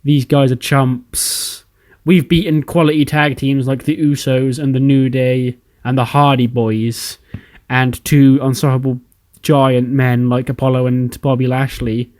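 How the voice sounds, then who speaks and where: A man's voice: medium pitch, a little mellow, no echo, lightly acted. A man voicing a boastful, scornful male wrestler, dragging out his mocking words, in a dry close recording.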